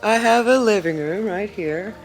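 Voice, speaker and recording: A woman's voice: medium pitch, moderate pace, music in the background. A woman vlogging casually about her farm life, chatting and laughing often and cooing at her chickens. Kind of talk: casual chat to camera. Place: in and around a trailer in a barn.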